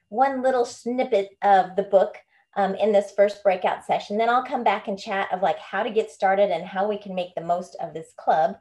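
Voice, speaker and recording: Over a video call, a woman who leads a book club and works as a home coach chats in a casual online group. Her mid-range voice has a warm tone, and she's bubbly and talkative, laughing often.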